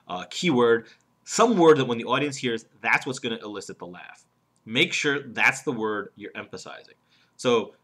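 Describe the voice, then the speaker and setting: A man's voice: mid-range voice, pushed and bright. A man coaching speakers on humor in an instructional video lesson, explaining step by step in an emphatic, demonstrative way.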